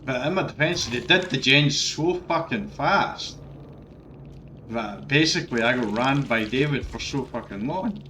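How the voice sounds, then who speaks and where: A man's voice: mid-range voice, lively intonation, unhurried, sharp tone, slight background noise. Frustrated swearing man. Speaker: gaming streamer. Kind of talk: live gameplay commentary.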